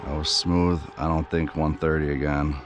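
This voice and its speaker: A man with a very deep, low voice talks into the camera outdoors beside a river, full of breathless excitement. He says he is shaking and keeps calling out to his viewers. A faint wash of outdoor noise sits behind him. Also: moderate pace, highs cut off. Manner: excited, breathless exclamations and repeated "you guys". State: shaky with excitement. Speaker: vlogger running a radio-controlled boat. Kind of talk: excited outdoor vlog commentary.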